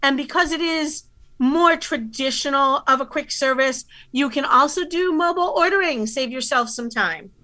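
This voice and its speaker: A woman's voice: sits high, normal speed, bright, forceful tone. A woman co-hosting a casual chat, giving detailed, enthusiastic recommendations. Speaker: co-host.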